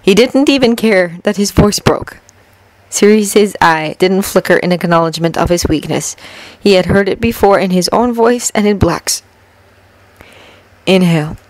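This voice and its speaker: A woman reading a fanfiction story aloud in steady, earnest storytelling. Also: mid-range voice, no room sound, low-quality recording. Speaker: fanfiction reader.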